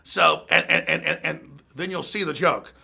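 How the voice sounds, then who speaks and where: A man's voice: on the high side, moderate pace, creaky, bright, forceful tone, husky. A man hosting a studio show, rambling and repeating himself with laughing asides. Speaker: show host. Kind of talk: off-the-cuff studio banter.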